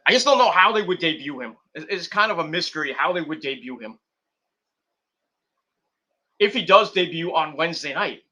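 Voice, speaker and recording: A young man hosting a wrestling stream, rambling in casual commentary and acting out scenes with quick put-on voices. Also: a little high, expressive, bright, forceful tone.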